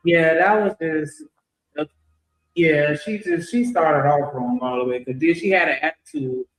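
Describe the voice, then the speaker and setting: A man's voice: a little high, measured pace, echoey room, poor audio. A man casually reacting on a podcast, scoffing in exasperation at a caller's question.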